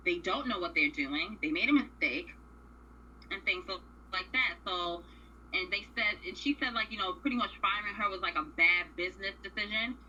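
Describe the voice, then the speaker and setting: A woman's voice: medium pitch, moderate pace, sharp tone, lo-fi sound, slight background noise. A woman co-hosting a radio show, casually recapping a reality series in a blunt, profane, opinionated way.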